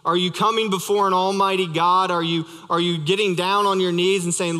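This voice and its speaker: A man's voice: high-pitched, little pitch movement, brisk, hardly any pauses, bright, forceful tone. A young adult male pastor preaching a sermon, conversational and storytelling with light humor, in a church sanctuary. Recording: reverberant church hall.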